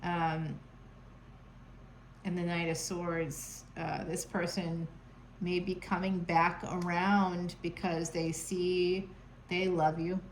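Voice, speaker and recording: A woman's voice: on the low side, flat delivery, slow, slight background noise, low-quality recording. A woman giving a casual, chatty tarot reading from home, playful and sarcastic, laughing often. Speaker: tarot reader.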